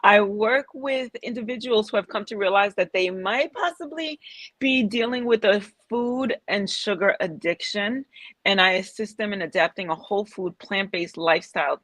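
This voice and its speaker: Woman health coach, video call, eager, steady, dry close sound. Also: medium pitch, moderate pace, no room sound. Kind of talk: self-introduction on a video call.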